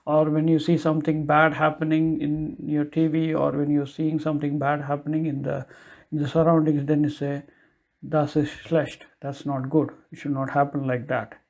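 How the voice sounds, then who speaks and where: Gravelly, dark-voiced man teaching German. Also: fairly high pitch, little pitch movement. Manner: slows down and repeats German phrases for the listener; loose, chatty explanations with restarts. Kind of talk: casual language lesson.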